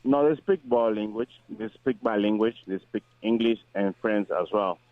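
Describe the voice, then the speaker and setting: Male guest, low voice, phone-line sound. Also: no room sound. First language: Spanish. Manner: friendly, halting non-native English. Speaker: fighter, guest. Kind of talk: phone interview. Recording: dry, tinny phone line.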